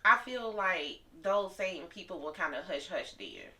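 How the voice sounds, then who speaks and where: A woman hosting an interview, gently affirming her guest and asking careful questions. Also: on the low side, animated, unhurried. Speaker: host. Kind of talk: supportive interview. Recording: distant mic.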